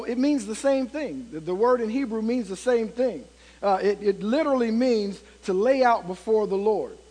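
A man's voice: high-pitched, a little mellow. A man preaching a sermon as pastor, telling stories and reading scripture with rising emphasis and frequent fillers. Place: church sanctuary. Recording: long reverb of a church hall.

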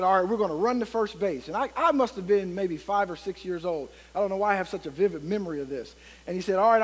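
A man preaching a sermon as pastor, telling stories and reading scripture with rising emphasis and frequent fillers. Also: sits high. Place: church sanctuary. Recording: long reverb of a church hall.

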